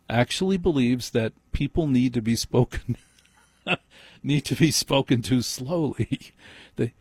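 A talk radio host delivers a blunt, sarcastic rant in a husky, slightly rough voice. The sound is close and dry, with no room around it. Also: male voice, medium pitch, darkish tone, no room sound. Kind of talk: opinionated radio monologue.

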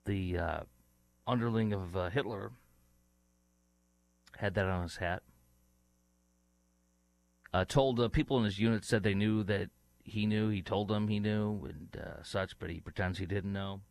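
A man's voice: on the low side, fairly even intonation, a little slow, vocal fry, pauses often, no room sound. A man hosting a talk show, giving heated, indignant political commentary with many fillers and restarts. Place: studio in Dallas.

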